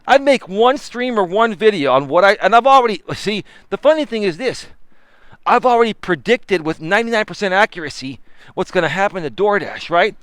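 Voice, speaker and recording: Male life-coach host, casual live-stream talk, emphatic and chatty, smooth voice. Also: high voice, brisk, no room sound. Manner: animated, emphatic, talks to chat viewers. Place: walking outdoors with phone.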